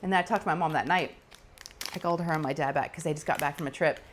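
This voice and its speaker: A woman's voice: low voice, rapid-fire, a little hiss or hum. A woman in her forties, telling stories in a casual chat and acting out the voices of callers. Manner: animated, acts out callers' voices, laughs often. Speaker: crafting channel host.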